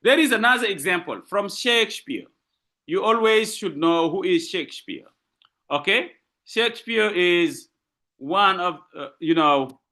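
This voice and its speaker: Guy teaching literature live, west african french accent, bouncy pitch, keeps asking what does it mean. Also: bright, forceful tone. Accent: French-speaking West African. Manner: explains patiently with repeated rhetorical questions; switches between French and English. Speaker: literature lecturer. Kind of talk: live online lecture.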